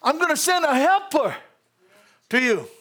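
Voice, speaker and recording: A man preaching a sermon in a folksy, animated way, laughing often between lines. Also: very high voice, unhurried.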